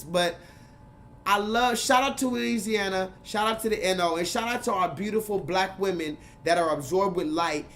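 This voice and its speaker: Man, livestream host, higher-pitched voice, emphatic, repetitive, profane, chatting to viewers. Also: moderate pace, a bit bright, slight background noise. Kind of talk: casual livestream talk.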